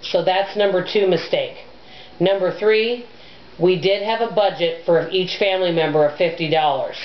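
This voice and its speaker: A middle-aged woman with a loud, abrasive voice, chatting to camera in a rambling, self-deprecating way as a personal finance vlogger. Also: lowish voice, normal speed. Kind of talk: casual chat to camera. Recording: echoey room, dull lo-fi sound.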